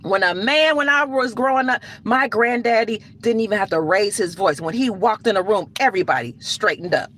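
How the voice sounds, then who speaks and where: A woman's voice: mid-range voice, fairly quick, few pauses, fairly bright tone, a little hiss or hum. A woman talking to camera in an emphatic, rambling, preachy rant with frequent restarts. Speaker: online commentator.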